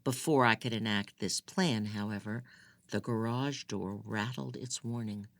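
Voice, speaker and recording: Slow, bright-toned audiobook reader. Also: medium pitch, vocal fry, no echo. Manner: measured, expressive in dialogue. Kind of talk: first-person audiobook narration.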